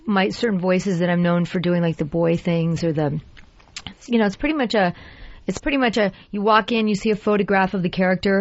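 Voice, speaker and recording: A woman voice actress as an animated, chatty guest in a radio interview, in a slightly dull, dry studio recording. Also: lowish voice, no room sound. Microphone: studio microphone.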